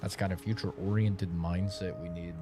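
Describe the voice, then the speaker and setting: A man's voice: low voice, steady tone, moderate pace, mellow. A young man streaming a game, rambling in casual, profane commentary and laughing often. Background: game music.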